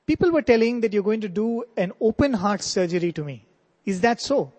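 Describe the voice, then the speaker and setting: A man's voice: sits high, lively intonation, brisk, darkish tone. A man voicing a trusting six-year-old girl who asks earnest, innocent questions. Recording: long hall reverb.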